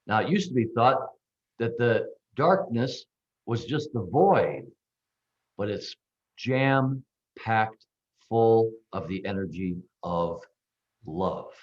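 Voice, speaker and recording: Low-voiced man musing over dull call audio. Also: very animated. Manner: measured, playful, emphatic on key words. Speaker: call participant. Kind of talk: reflective talk on a group call.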